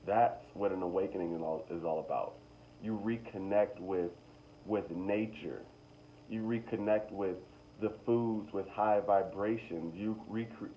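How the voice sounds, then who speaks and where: A young man talking casually to his viewers about spiritual awakening, rambling and repeating himself, with slow emphatic stretches. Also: lowish voice, muffled recording, a little hiss or hum. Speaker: spiritual vlogger. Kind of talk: casual motivational monologue.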